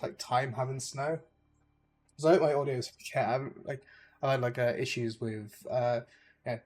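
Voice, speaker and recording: Rambling young English man streaming. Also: mid-range voice. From England. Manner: rambling, hesitant, full of likes and uhs. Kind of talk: casual gameplay chat with viewers.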